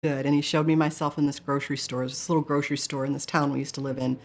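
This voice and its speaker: A woman's voice: deep voice, little pitch movement, fast talker. A woman telling her near-death experience in an interview, earnest and emotional, often quoting others in her own voice. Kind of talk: personal storytelling.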